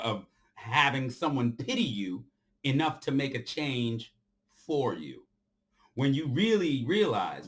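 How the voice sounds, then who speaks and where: A man of middling pitch delivers a fired-up, unscripted lecture to his followers. He hammers home his points by repeating lines, now and then surging to loud outbursts before dropping low and quiet. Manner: forceful and preachy, repeats phrases for emphasis. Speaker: commentator addressing his followers. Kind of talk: off-the-cuff impassioned monologue.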